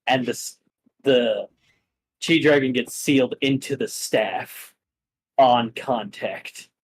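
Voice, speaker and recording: A man running a tabletop game as game master, narrating the fight in an unhurried, drawn-out way. His voice sits at a middle pitch, and he tells the action with animated storytelling. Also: breathy edge, no room sound, rough recording.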